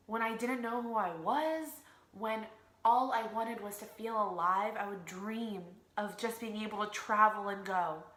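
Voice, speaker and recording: A young woman vlogging to her followers in a loose, chatty, expressive way. Her voice is bright and forward. The room lends a noticeable echo. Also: mid-range voice. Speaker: vlogger and fitness coach. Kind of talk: casual vlog to camera. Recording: roomy echo.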